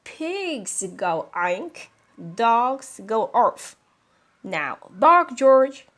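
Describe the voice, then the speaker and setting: A woman's voice: mid-range voice, big pitch swings, exaggerated voice. A woman voicing a patient but increasingly desperate mother dog in a storybook read-aloud. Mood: pleading. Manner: slow, emphatic, pleading.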